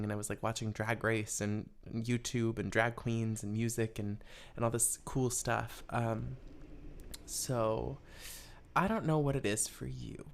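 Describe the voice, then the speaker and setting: A young adult man hosting an advice podcast, musing in a rambling, casual way with many fillers. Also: mid-range voice. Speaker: podcast host giving advice.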